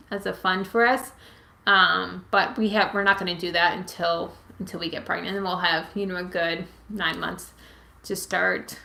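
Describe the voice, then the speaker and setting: This host, a woman in her late twenties from Massachusetts, is running a casual live Q&A from her home with her pets nearby, meandering through viewer questions with lots of "like" and "um." Her voice is lowish, gravelly, and sharp in tone. A webcam or phone picks it up for the livestream, and the room is echoey.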